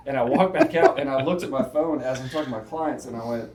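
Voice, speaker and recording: A man's voice: a little high, lively intonation, quick pace, noisy background. A man, a real estate agent, chatting casually and laughing through his stories. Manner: laughs often while telling stories. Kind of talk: casual chat. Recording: echoey room.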